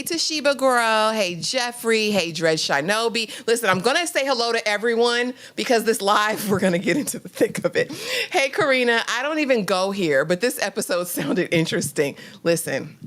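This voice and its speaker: A woman co-hosting a live stream that recaps a TV drama. She greets viewers by name and talks in an emphatic, animated way. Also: medium pitch. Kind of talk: casual live-stream chat.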